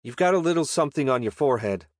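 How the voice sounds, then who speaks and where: A man's voice: medium pitch, expressive, racing, no echo, voice pushed up, lightly acted. A man voicing a sarcastic young woman archer who teases dryly. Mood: teasing. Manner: mocking, dry teasing.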